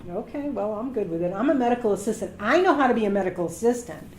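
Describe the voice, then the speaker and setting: Middle-aged woman, medical assistant, animated storyteller giving career tips, roomy echo with faint background noise. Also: medium pitch, fast talker. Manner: lively storyteller acting out quoted voices. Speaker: medical assistant speaking to students. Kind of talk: career advice talk. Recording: echoey room with faint noise.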